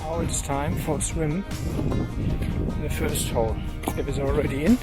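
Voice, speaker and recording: A man narrating an outdoor travel vlog in a desert gorge, relaxed and rambling with lots of ums and uhs. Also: a little high, normal speed, over loud music, poor audio. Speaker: 4WD travel vlogger. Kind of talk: casual on-camera narration.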